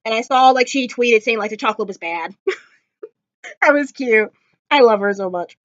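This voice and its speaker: A woman's voice: a little high, normal speed, no echo, muffled recording. A woman vlogger sitting on the floor at home, gushing and rambling about a TV episode with lots of fillers. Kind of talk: casual chat.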